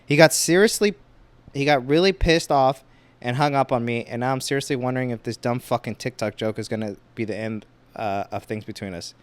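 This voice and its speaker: A young man hosting a solo podcast, chatting casually and reading online posts aloud with quick exclamations. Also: medium pitch, clear, resonant tone. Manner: casual, rambling, exclaims reactions while reading. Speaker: podcast host.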